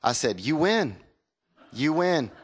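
A man's voice: fairly high pitch, sing-song, slow, husky. Pastor in his forties preaching. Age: 40s. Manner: conversational storytelling with call-and-response. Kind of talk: sermon.

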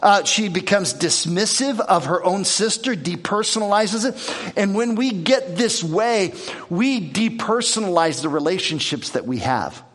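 A male pastor gives a loose, conversational sermon with a voice pitched a little above the usual. He is earnest and often repeats a word before going on. He also slips into lively little impressions of the people he quotes. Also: measured pace. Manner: earnest, repeats words, acts out quoted speech.

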